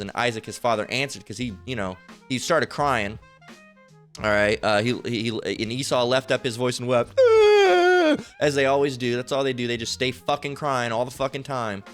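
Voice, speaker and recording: Man, informal Bible teacher, rambling, swears often, repetitive, medium-pitched voice, soft music underneath. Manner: rambling, repetitive, profane, keeps asking "all right?"; reads scripture aloud slowly.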